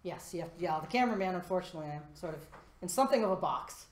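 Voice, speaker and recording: A man giving a live conference talk, lively and self-deprecating, walking around the stage as he speaks. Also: high voice, fast, a little hiss or hum. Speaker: conference presenter. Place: presentation room before a live audience. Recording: echoey presentation room.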